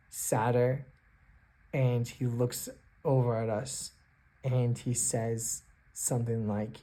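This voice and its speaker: A man narrating his own solo tabletop game, thinking aloud in a halting way with many restarts. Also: mid-range voice, darkish tone. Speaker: solo game master and player. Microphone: self-recorded on camera.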